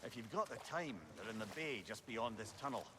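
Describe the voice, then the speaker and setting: An actor voicing a regretful dwarf in a video game, gruff and a little low. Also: male voice, animated, fairly quick, natural voice. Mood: rueful. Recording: game audio with noise behind.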